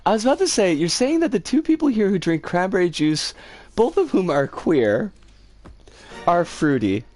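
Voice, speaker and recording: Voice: medium pitch, sing-song, moderate pace, a little mellow, no echo. A streamer chatting casually with viewers while playing a game, giggling often and swearing when the game goes wrong. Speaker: livestreamer reading chat.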